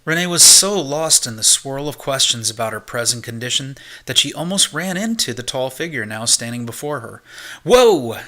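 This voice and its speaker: A man reading a science-fiction audiobook as an amateur narrator, in a steady, measured way. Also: medium pitch.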